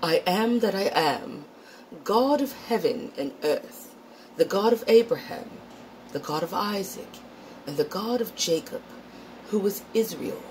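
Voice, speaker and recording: Woman doing a pompous shakespearean preacher guy, all thee and thou, high put-on voice. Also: lively intonation, unhurried, darkish tone, a little hiss or hum, close to an everyday voice, rough recording. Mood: grandiose. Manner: theatrical mock-Shakespearean recitation, grandiose. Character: pompous self-righteous man preaching in archaic old English.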